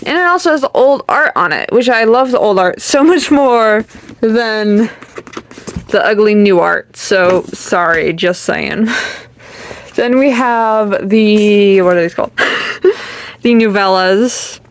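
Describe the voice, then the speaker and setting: Slow-talking rambly young woman. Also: mid-range voice. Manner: chatty and rambling, giggling, trailing off with ums. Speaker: channel host. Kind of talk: casual bookshelf tour.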